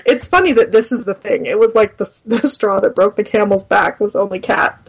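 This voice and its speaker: A woman's voice: mid-range voice, a little fast, breathy edge. Woman cohost on a podcast, lots of i mean i mean, then gets emphatic. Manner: hesitant, restarting, then emphatic. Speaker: podcast co-host. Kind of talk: casual podcast chat.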